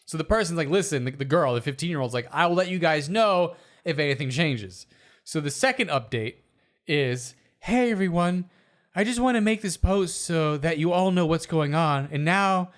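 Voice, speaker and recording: A man co-hosting a comedy podcast, chatting casually and reading posts aloud in an animated, jokey way. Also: fairly high pitch. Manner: animated, jokey, slips into silly voices. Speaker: podcast co-host.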